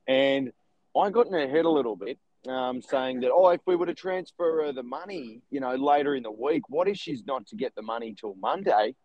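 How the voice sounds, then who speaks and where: Brief: young male co-host, animated storyteller, mid pitch, dry close mic. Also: dry recording, muffled recording. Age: young adult. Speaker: podcast co-host, real estate agent. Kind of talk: casual chat.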